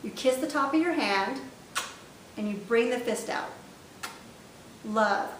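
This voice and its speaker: A woman teaching sign language vocabulary, patiently repeating each word as she demonstrates it. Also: takes it slowly. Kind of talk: step-by-step instructional lesson. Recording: echoey room, mic at a distance, faint rumble.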